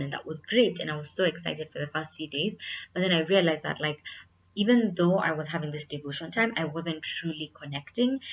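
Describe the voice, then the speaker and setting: Young woman, low voice, earnest casual vlog delivery, slightly muffled home recording. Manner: candid, earnest, many fillers like "like" and "you know". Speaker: vlogger.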